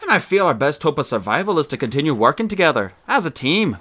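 A man voicing a calm, precocious boy genius who speaks in a polished, formal, precise way. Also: fairly high pitch, quick pace, full character voice. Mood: composed.

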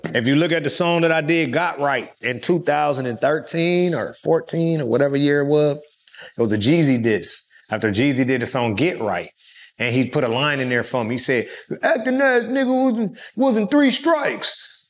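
A man as an interview guest, telling stories in a loose, profane, animated way. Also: medium pitch, normal speed. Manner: profane, animated storyteller who acts out quotes. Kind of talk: casual interview storytelling.

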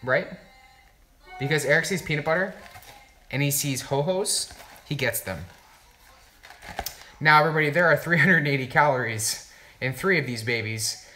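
A young man chatting on a livestream while unboxing gifts, hyped and swearing, bursting into loud exclamations. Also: mid-range voice, moderate pace, long pauses, echoey room, slight background noise. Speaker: YouTube creator livestreaming an unboxing. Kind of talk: excited livestream unboxing chat.

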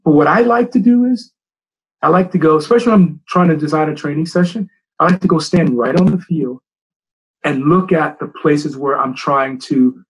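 Husky-voiced man giving a coaching talk. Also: fairly high pitch, normal speed, rough recording. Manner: animated storytelling, repeats key phrases. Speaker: soccer coach and speaker. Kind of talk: coaching presentation.

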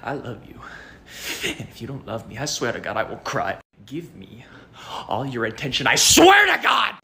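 A performer doing an in-character monologue to a phone camera as an unhinged, clingy ghost boy, rambling with lots of fillers and dropping into hushed asides. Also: medium pitch, normal speed, slight background noise, lightly acted.

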